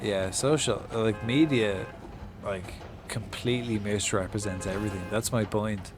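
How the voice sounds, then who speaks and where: A man's voice: fairly low pitch, a little slow, over music. An Irish man chatting casually on a live gaming stream, swearing often and telling stories with mock-acted reactions. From Ireland. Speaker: game streamer.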